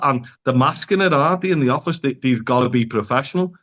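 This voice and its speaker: A man's voice: mid-range voice, quick pace, fairly bright tone. A man speaking as a psychotherapist guest in a casual podcast conversation, talking frankly and bluntly, swearing freely and using local slang.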